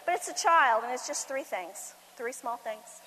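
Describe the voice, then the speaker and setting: A middle-aged woman giving a humorous motivational talk to mothers at a conference, telling animated stories with sudden loud bursts. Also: sits high, moderate pace. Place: conference hall. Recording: long hall reverb, faint background noise.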